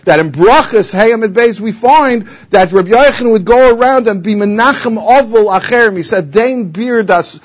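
A man's voice: sits high, expressive, brisk, hardly any pauses, highs cut off. A man giving a Talmud lecture in English, explaining the text and telling its stories with many Hebrew and Aramaic terms. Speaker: Talmud teacher.

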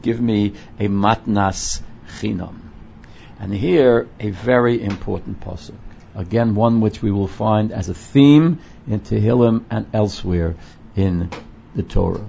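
Slow, gravelly man teaching Psalms. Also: fairly low pitch, darkish tone, slight background noise. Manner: translates Hebrew phrases slowly, repeating and rephrasing. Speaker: Torah teacher. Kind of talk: verse-by-verse Psalms lesson. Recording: dull lo-fi recording.

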